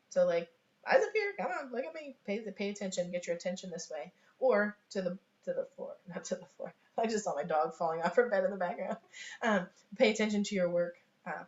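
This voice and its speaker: A woman with a slightly low voice teaches sign language over a home webcam, chatty and loose, with plenty of fillers and small laughs. The room rings with echo, and the sound is dull and lo-fi. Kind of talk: casual online teaching. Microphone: webcam on a video call.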